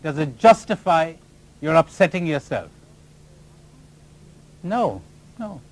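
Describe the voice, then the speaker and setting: A man's voice: on the high side, animated, takes it slowly. A man giving a spiritual talk to a live audience, teasing them with rhetorical questions and sometimes mimicking other people's voices. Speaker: spiritual teacher.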